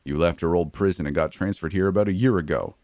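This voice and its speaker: Guy doing a mean mouthy prisoner dude, low voice, dry close sound. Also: fast, a little mellow, no echo. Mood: contemptuous. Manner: insulting, contemptuous. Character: hostile, mocking male prison inmate.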